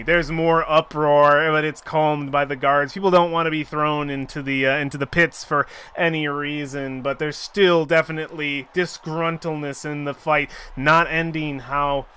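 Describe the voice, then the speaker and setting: A man narrating as game master of a tabletop game, with steady, deliberate narration. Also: on the high side, clean tone.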